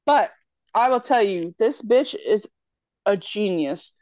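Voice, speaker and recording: A woman's voice: mid-range voice, slow pace, no room sound. A young woman in casual chat, animatedly retelling a movie plot with lots of swearing and acted-out lines. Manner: animated storyteller, swears freely, acts out lines.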